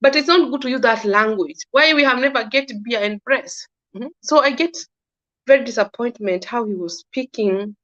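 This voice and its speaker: A woman's voice: a little high, normal speed, fairly bright tone. A woman giving her earnest opinion in a casual monologue, often restarting and repeating herself. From Kenya. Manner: earnest, repetitive, restarting sentences. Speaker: commentator. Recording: dull lo-fi sound.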